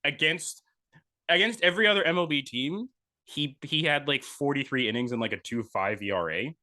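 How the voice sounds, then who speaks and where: A man's voice: mid-range voice, moderate pace, bright, forceful tone. A man co-hosting a casual sports podcast, talking in rambling runs full of fillers and restarts. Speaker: podcast co-host.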